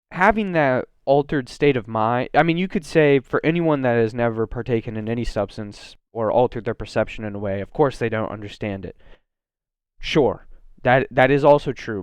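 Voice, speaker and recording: A man's voice: mid-range voice, clear, resonant tone, no room sound. A man from Oregon talking casually on his solo podcast, rambling with lots of fillers, restarts and self-corrections. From Oregon, USA. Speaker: podcast host.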